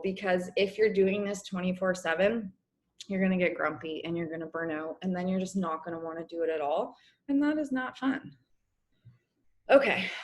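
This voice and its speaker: A young woman coaching her business team on a casual video call, chatty and encouraging, clearing her throat as her voice wears out. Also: mid-range voice. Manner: chatty, encouraging, many fillers. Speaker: network marketing coach.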